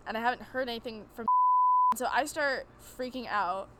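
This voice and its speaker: A woman's voice: on the high side, huge pitch swings, normal speed, heavy background noise. A woman guest on a podcast, telling a story in casual chat and acting out the lines of the people in it.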